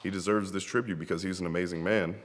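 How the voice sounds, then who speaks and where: In an indoor tribute recorded on a camera mic, a young wrestler grieves a late friend, telling heartfelt, rambling stories with plenty of laughter. He speaks at a quick pace in a deep, fairly even voice, with the sound of a large hall.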